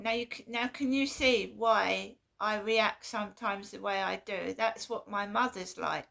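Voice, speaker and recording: Gravelly woman, aggrieved vlog monologue. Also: mid-range voice, steady tone, bright, forceful tone. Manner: halting, repeats herself, aggrieved. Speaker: vlogger. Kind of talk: casual personal monologue.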